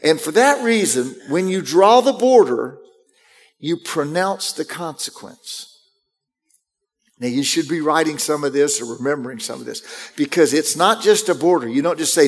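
Preaching man, slightly high voice. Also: lively intonation, moderate pace. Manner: conversational preaching with acted-out parent and child quotes. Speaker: pastor. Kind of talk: sermon.

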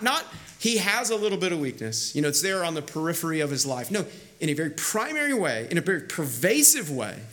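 Male pastor, high lively voice, bright tone; conversational, emphatic sermon delivery with restarts. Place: church sanctuary.

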